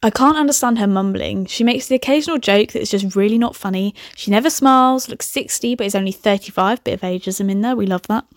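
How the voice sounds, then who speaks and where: A woman's voice: mid-range voice, fast, hardly any pauses, no room sound, clean studio sound. A young woman reading aloud a comic story she wrote, breaking off often for chatty, giggly, swearing asides. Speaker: podcast host reading her own old story. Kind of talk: comic reading with running commentary.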